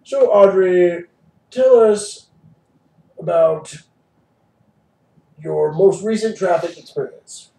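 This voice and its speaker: An improv performer playing a news anchor with mock-earnest, deliberate delivery in a comedy news parody. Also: medium pitch, gravelly, dark tone. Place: improv stage. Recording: roomy stage sound, mic far off.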